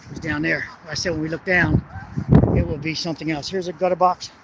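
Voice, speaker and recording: Filming with a handheld camera on a city bridge at night, a man who vlogs about construction engineering rambles hesitantly through how the structure works, cursing when irritated. He speaks briskly in a fairly high, fairly even voice, and the muffled audio is full of wind and traffic noise.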